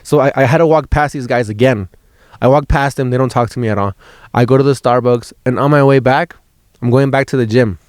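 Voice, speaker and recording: Man, stand-up comedian, casual profane storytelling, mid-pitched voice, dry close sound. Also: a little fast, no room sound. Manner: profane, laid-back, repeats and restarts words, laughs mid-story. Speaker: stand-up comedian on a road trip.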